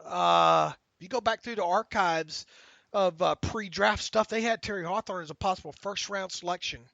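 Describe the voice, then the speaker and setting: Man, podcast co-host, high voice, gravelly, bright tone, stammers, dull lo-fi sound. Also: normal speed, no echo. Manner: excitable, stammers and repeats words. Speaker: podcast co-host reading listener questions. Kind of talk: casual sports talk. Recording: dull lo-fi audio.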